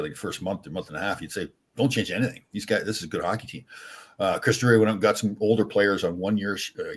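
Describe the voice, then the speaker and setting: An older man, a former hockey player, telling animated stories as a podcast guest with many restarts. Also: low voice, breathy edge. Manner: animated, rambling anecdotes with frequent restarts. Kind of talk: casual storytelling.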